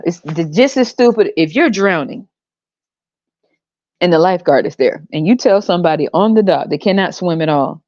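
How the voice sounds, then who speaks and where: A woman's voice: deep voice, mellow, dry recording, muffled recording. A woman hosting a podcast, ranting in a blunt, sarcastic and profane way. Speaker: podcast host. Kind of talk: casual podcast rant.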